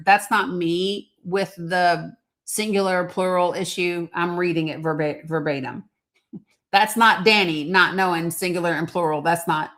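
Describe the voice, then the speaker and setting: A woman's voice: on the low side, moderate pace, a bit bright. A woman hosting a commentary monologue, talking in a heated, blunt way, swearing and reading quotes aloud. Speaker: host.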